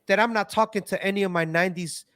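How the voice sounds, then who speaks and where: A man's voice: sits high, fairly even intonation, quick pace, a bit bright, dry recording, clean studio sound. A man hosting a talk show, speaking earnestly in a casual interview conversation.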